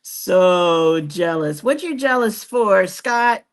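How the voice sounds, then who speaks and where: A woman hosts a live stream in an unhurried, leisurely way. Her voice sits a little low. She chats casually with viewers, laughs often and pokes fun at herself. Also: animated. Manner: chatty, laughs often, self-teasing. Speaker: host of a cruise travel channel.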